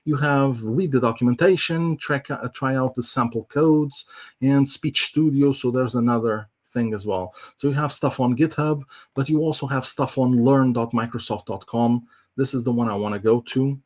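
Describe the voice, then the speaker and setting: A man presents a live online software demo. He explains loosely, with lots of fillers and restarts. His voice sits at an ordinary middle pitch. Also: moderate pace. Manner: casual, filler-heavy explaining. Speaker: tech presenter.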